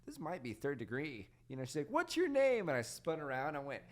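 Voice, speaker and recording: A man's voice: medium pitch, quick pace. A young man as a podcast guest, telling crude work stories with a laugh in his voice. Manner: lively, laughing, crude storyteller. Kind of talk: casual chat.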